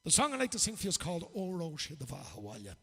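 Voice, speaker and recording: A man's voice: fairly high pitch, wildly swooping pitch, rapid-fire, vocal fry, sharp tone, slightly rough, big-room sound. A man introducing a song in a casual, chatty storytelling way, calling his listeners "lads". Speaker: singer and guest performer.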